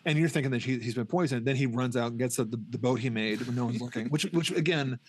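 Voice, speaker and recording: A middle-aged man talks quickly through a film's plot on a podcast, stumbling over restarts and slipping into the characters' lines. His pitch sits at an ordinary middle height. The talk is loose, casual chat between co-hosts. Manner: rambling, restarts often, acts out scenes. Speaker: podcast co-host. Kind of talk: casual film review chat.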